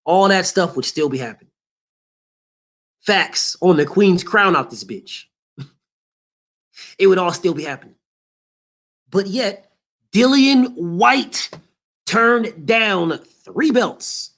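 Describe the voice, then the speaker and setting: A man with a high voice for his sex rants about boxing as a show host. He is heated and profane, and he hammers the same point again and again. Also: expressive, a little slow, pauses often, fairly bright tone. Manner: heated, emphatic, profane, repetitive. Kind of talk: boxing commentary rant.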